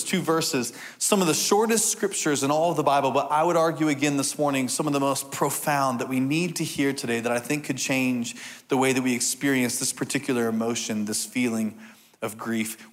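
A middle-aged male pastor delivers a sermon in an earnest, heartfelt way. He slows right down and lets his voice fall soft on the lines he repeats for weight. His pitch sits in an ordinary middle range for a man. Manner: earnest, with slow emphatic repetitions and soft drops for key lines.

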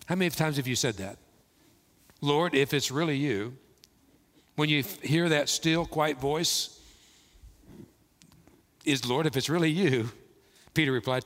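Man, pastor, sermon, slow emphatic delivery, mid-pitched voice, echoing church hall. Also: lively intonation, a bit bright. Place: church sanctuary. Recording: long reverb of a large hall.

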